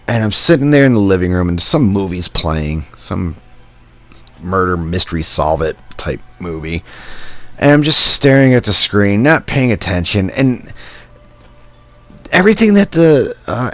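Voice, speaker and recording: With a mid-range voice and no room sound, a storyteller vlogger rambles through a casual personal anecdote. He's animated, acting out the quoted dialogue in meandering asides as he goes.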